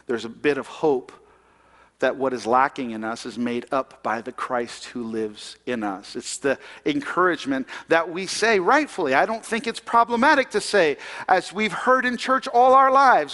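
A man's voice: on the high side, animated, normal speed, pushed and bright, in a large hall. A man preaching a sermon in a conversational way, asking the congregation questions. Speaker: pastor.

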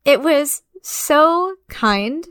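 A woman's voice: high voice, animated, fairly bright tone, no room sound. Chatty woman with a dry close sound. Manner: chatty, many fillers, quick asides. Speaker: podcast co-host. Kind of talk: casual film discussion.

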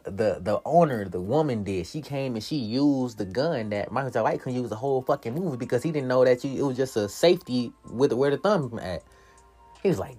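Man, casual profane movie recap, middle pitch, faint music under it, laughs and acts out lines. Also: slightly rough. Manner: profane, animated, laughs often, acts out quotes.

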